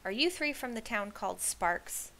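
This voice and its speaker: Woman doing a gruff, bossy old shepherd woman. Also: a little high, animated, normal speed, sharp tone, a little hiss or hum. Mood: firm. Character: gruff older female shepherd, brusque and bossy.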